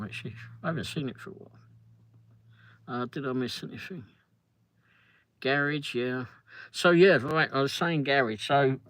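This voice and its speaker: A middle-aged man from London with a London English accent, rambling and joking as he chats with viewers on a livestream. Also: medium pitch. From London, England. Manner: chatty, rambling, jokey, answers chat comments. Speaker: livestream host. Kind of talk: casual livestream chat.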